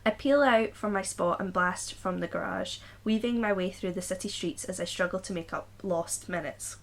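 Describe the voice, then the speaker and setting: A woman reading a silly story aloud on a podcast in a mid-pitched voice. She reads the narration plainly, then drops into loose, joking chat and laughter. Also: moderate pace.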